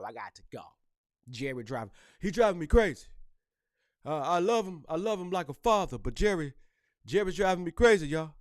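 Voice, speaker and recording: A man hosting a podcast, talking casually and joking in loose, animated trash talk. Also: a little high, dry recording, studio quality. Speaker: podcast host. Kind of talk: casual solo podcast rant.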